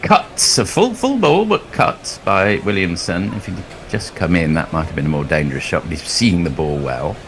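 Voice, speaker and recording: A man's voice: sits low, lively intonation, moderate pace, hardly any pauses, a little hiss or hum. A man commentating on cricket ball by ball, drifting into a long, chuckling anecdote between deliveries. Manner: rambling storyteller, chuckles often.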